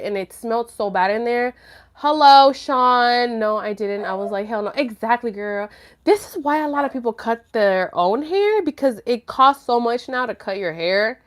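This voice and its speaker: A woman's voice: fairly high pitch, lively intonation, normal speed. Candid, slangy woman chatting live. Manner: slangy and candid, with frequent fillers and profanity; laughs nervously when flustered. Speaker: livestream host answering viewer chat. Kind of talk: casual chat.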